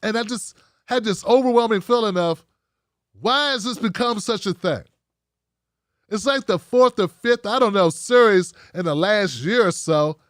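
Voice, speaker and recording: A man's voice: high-pitched, moderate pace, a bit bright, no echo, clean studio sound. A man hosting a livestream, giving frank, rambling commentary straight to his viewers. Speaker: show host.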